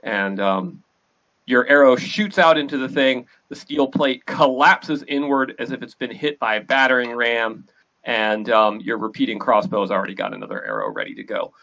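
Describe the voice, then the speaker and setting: A man's voice: mid-range voice, moderate pace, vocal fry, low-quality recording. Hesitant male game master. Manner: relaxed, hesitant with many fillers. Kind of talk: narrating a tabletop game.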